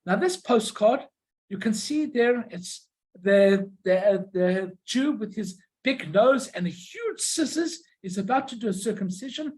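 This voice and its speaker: Halting woman giving an informal lecture. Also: mid-range voice, expressive, darkish tone, rough recording. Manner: halting, searches for words, tells anecdotes. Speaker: lecturer on stamps and postcards.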